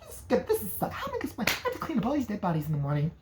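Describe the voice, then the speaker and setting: A woman voicing a whiny, frightened young woman in a high-pitched, complaining tone while recapping a movie. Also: huge pitch swings, rapid-fire, noisy background. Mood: sulky.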